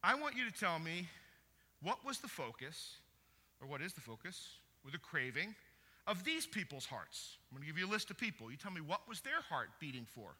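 Animated pastor in a reverberant hall. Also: male voice, on the high side, a little fast, slightly rough. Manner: lively, swings from quiet teaching to loud praise. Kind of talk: sermon with audience quiz. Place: church hall.

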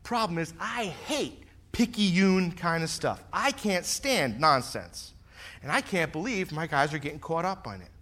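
A middle-aged man, a pastor who is also a fire lieutenant, preaching a sermon full of personal stories and acting out what people said, swinging from loud to soft. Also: fairly high pitch, expressive, unhurried.

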